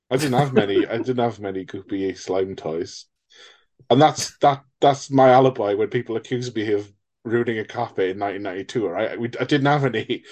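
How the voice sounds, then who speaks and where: A man's voice: lowish voice, moderate pace, darkish tone. A man co-hosting a film podcast, rambling jokily through tangents and swearing freely in casual chat. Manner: rambling, jokey, swears freely, breaks into mock voices. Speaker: podcast co-host.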